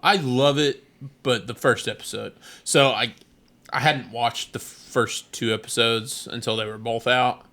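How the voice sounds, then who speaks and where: A podcast co-host speaking at a medium pitch and a slightly slow pace spins animated stories during a casual chat. He brings quotes to life by acting out what people said.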